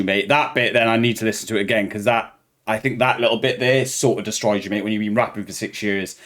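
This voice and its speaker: Bloke reacting to a rap battle, swears a lot, keeps saying mate. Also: male voice, medium pitch. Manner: swearing, excitable, laughing often. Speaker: reaction channel host. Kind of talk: casual reaction chat.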